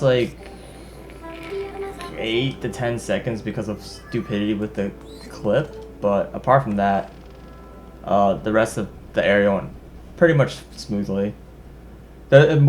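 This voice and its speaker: A man's voice: fairly low pitch, darkish tone. A young man co-commentating a speedrun, talking casually and hesitantly with many fillers. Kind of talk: casual stream chat. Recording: game music playing behind.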